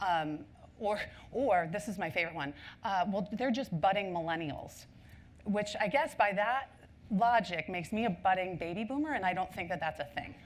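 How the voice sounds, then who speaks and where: A woman's voice: mid-range voice, animated, normal speed. A woman speaking at a marketing conference. She tells stories in a chatty way, with lots of ums and asides. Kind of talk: conference talk.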